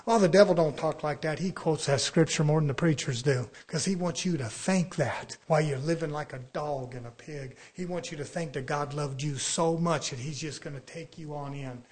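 A middle-aged man preaching an impassioned sermon, firing off rhetorical questions and breaking into sudden loud bursts. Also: fairly high pitch, normal speed, few pauses. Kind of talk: fiery sermon.

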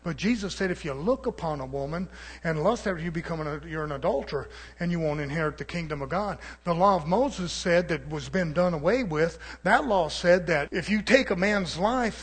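A man preaching a fiery, confrontational sermon, swinging between muttered asides and shouting. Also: high voice, slightly rough.

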